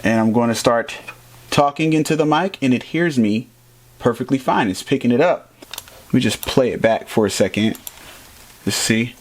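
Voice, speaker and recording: A man casually reviewing and setting up a microphone in a playful, animated, jokey way. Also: medium pitch, moderate pace, long pauses, a little hiss or hum. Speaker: tech reviewer. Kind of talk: casual product review vlog.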